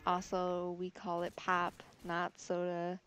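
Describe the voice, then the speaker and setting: A young woman from Michigan talks casually to camera in a vlog, with a Michigan accent that turns nasal on short O sounds. Her voice is fairly low, monotone and a bit bright, and she speaks fast, running words together with lots of "like".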